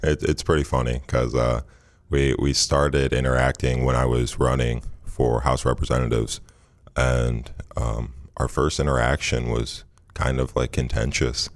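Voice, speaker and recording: A man with an extremely low, flat voice tells his story in a loose, rambling way, full of "um"s and restarts. He sounds like a former athlete in his thirties from Michigan. The recording is close and dry. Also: a little slow, no room sound. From Michigan, USA. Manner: relaxed, rambling, frequent fillers and restarts. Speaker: interview guest, former basketball player. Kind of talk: casual storytelling interview.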